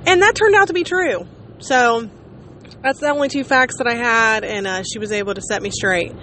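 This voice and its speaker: Rambling through a casual chat with her viewers, a late-30s woman vlogger pokes fun at herself. She speaks at normal speed with a fairly high, slightly bright voice over faint background noise.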